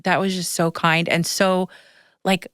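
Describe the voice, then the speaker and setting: A woman podcast host in her thirties, talking into a close, dry microphone with a slightly low voice. She tells long stories in a loose, rambling way, and the memories make her emotional and tearful. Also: little pitch movement, measured pace, fairly bright tone, smooth, no echo. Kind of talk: casual chat.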